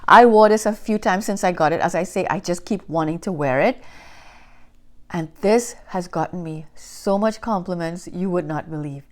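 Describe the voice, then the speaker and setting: Female vlogger, slightly low voice, animated and gushing, casual storyteller. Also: moderate pace. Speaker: fragrance reviewer. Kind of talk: casual chat to camera. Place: Canada.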